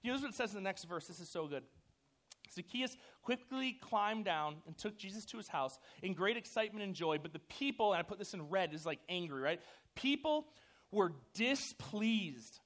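A youth pastor with a notably high voice preaches to a group of young teens. He talks loosely and animatedly, full of "like" and "you know". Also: brisk, a bit bright. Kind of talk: sermon.

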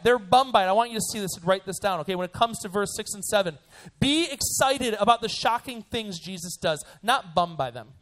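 A young man preaching to a room of students, playful and animated, acting out little scenes as he talks. His speaking voice sits notably high. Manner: animated and joking, acts out voices. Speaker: youth pastor. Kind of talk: sermon to students.

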